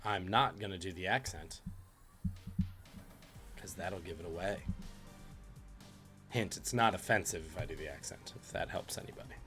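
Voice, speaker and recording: A man's voice: sits low, expressive, normal speed, pauses often, a bit bright, faint music behind. Jokey man hosting a streamed trivia quiz. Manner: jokey, reads out questions and chat guesses. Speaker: trivia host.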